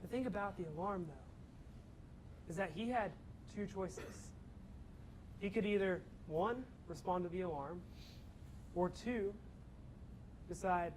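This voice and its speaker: A young man with a fairly high voice, speaking as a campus ministry speaker, tells students an energetic story, acting out the characters and his own shouting. He keeps a measured pace with long pauses, and the low-quality recording carries faint background noise.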